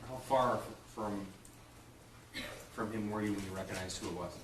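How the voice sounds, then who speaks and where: A man's voice: lowish voice, moderate pace. Distant-sounding male attorney questioning. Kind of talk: courtroom examination. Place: courtroom. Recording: roomy, distant, noisy courtroom audio.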